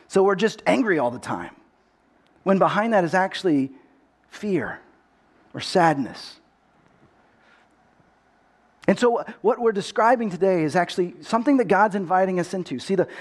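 Earnest high-voiced male pastor. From Texas. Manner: earnest, storytelling, often restarts words. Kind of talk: sermon.

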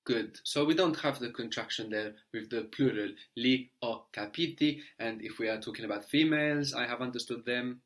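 A man teaching a language lesson, explaining patiently step by step and checking understanding with a quick "no?". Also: mid-range voice, a bit bright.

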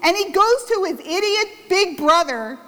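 A woman's voice: very high voice, animated, unhurried, pushed and bright. A woman pastor giving a sermon, telling a self-mocking story and acting out the quotes. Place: church. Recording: church hall reverb.

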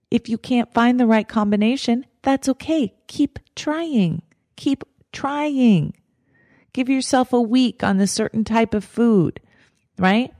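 A woman's voice: medium pitch, gravelly, darkish tone, no room sound, studio quality. A woman hosting a life coaching podcast, talking directly and emphatically and repeating her key steps. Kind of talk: motivational podcast talk.

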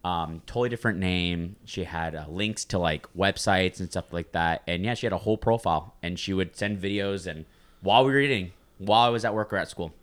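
A young man with a very low, deep voice spins a long personal story in casual chat. He talks loosely and swears freely, wandering through his tale with plenty of "like"s and trailing asides. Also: brisk. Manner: loose, profane, rambling with many "like"s.

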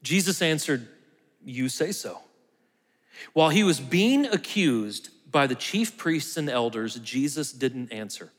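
A man with a fairly high voice preaches a sermon in a casual, conversational way. At times he drops almost to a whisper to stress a point. His voice rings with the long reverb of a large hall. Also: expressive, measured pace, hardly any pauses. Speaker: pastor.

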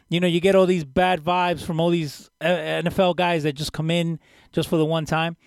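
Emphatic, slightly high-voiced man. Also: fairly even intonation, fairly quick, clear, resonant tone, no room sound. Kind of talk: casual wrestling podcast chat.

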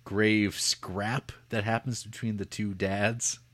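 A man casually retelling a film's plot in a rambling, joking way, slipping into quick voices for the characters. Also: on the low side, little pitch movement, a bit bright. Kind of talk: casual film discussion.

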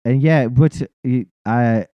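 A man's voice: mid-range voice, slow pace, no room sound, lo-fi sound. A man hosting a podcast in casual chat, laid-back, swearing freely and restarting his sentences. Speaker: podcast host.

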